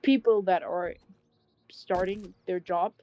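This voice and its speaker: A young woman livestreamer telling a story in casual chat, animated, swearing often and laughing. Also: on the low side, slow pace, highs cut off.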